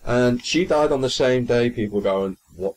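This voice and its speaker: Recounting news on a podcast he co-hosts, a young man wanders chattily from story to story, frequently tripping over words and starting again. He has a mid-range, darkish voice at a moderate pace, captured in poor audio.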